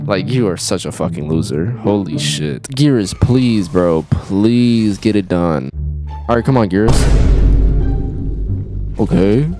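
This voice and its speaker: A young man streaming a fighting game, cursing at the characters and going from low muttering to shrieks. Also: lively intonation, slow, long pauses. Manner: profane, trash-talks the fighters, swings from low muttering to shrieks. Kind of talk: live gameplay commentary. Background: game music.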